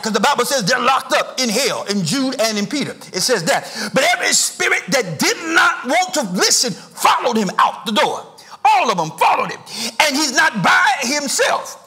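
High, bright-voiced preaching pastor. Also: male voice. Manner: preaching with sing-song rises and shouted emphasis. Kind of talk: sermon. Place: church sanctuary.

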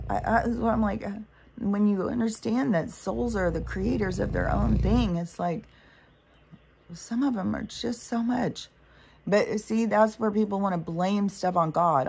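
A woman's voice: mid-range voice, normal speed, vocal fry, a little mellow, slightly rough. A woman vlogger in a casual spiritual monologue, rambling and swearing often.

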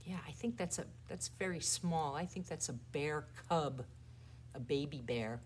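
This woman is a children's librarian at a toddler storytime, moving through rhymes and a picture book while swinging from exaggerated softness to loudness. Her voice is low and a little slow, with a bit of hiss or hum underneath.

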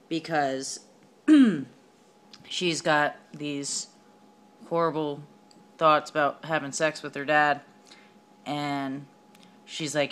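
A young student giving a casual retelling of a story for a class assignment, hesitant and slangy with lots of fillers. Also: female voice, low-pitched, fairly bright tone, smooth. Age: young adult.

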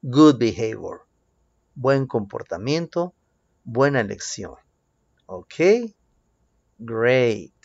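Slow, lively Spanish-accented male teacher. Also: medium pitch, gravelly, no echo. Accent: Mexican Spanish. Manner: slow, drawn-out drills with lively rising prompts. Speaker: English teacher. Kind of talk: bilingual children's English lesson. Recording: dull lo-fi sound.

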